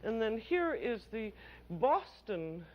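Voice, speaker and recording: A woman's voice: fairly high pitch, big pitch swings, slow. An older woman hosting a cooking demonstration on an old television show, with a warbling, sing-song delivery. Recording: dull lo-fi old television audio.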